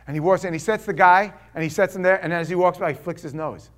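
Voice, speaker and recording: A pastor in his forties delivers a lively sermon, veering between loud exclamations and quiet asides while performing the quotes. His voice sits slightly high, and he speaks in a rapid-fire stream with few pauses.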